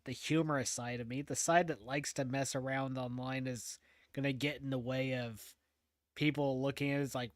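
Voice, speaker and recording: A man's voice: medium pitch, a bit bright, no echo, studio quality. A man hosting a casual podcast chat, talking in a loose, chatty way with lots of fillers, restarts and laughter. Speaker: podcast host.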